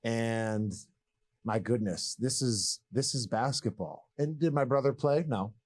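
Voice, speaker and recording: With a mid-range voice and a measured pace, a former pro basketball player in his thirties from Massachusetts talks as a guest about his story. His manner is casual, candid, animated and rambling, with plenty of jokes.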